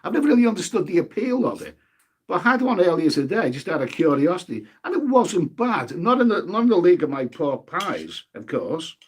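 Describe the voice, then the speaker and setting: A man's voice: sits high, big pitch swings, a little fast, breathy edge. A man chatting casually on a live stream, eating as he talks and reading viewer comments aloud. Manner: chatty, eats while talking, swears mildly, reads viewer names aloud.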